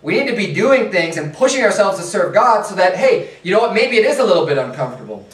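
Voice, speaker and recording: High-voiced preacher in an echoey church. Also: male voice, sing-song, fast talker, far from the mic. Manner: casual, repeats rhetorical "right?" and "hey". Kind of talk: conversational sermon. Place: church sanctuary.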